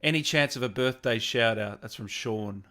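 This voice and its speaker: A man's voice: mid-range voice, moderate pace, bright, forceful tone. Man, easygoing host, joking tone, reading viewer questions. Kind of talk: casual interview chat.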